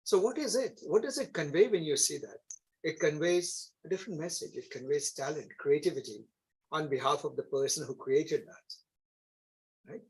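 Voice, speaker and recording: An instructor with an Indian accent lectures a class at a moderate pace in a fairly high, husky voice, on a rough recording. He explains things step by step and often checks in with tag questions such as "isn't it?" and "right?".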